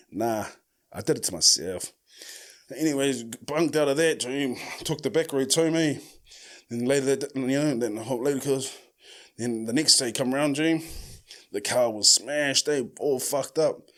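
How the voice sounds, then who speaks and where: A man with a New Zealand accent telling a story casually as a podcast host, full of slang and swearing, who acts out the quoted lines loudly. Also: fairly high pitch, moderate pace.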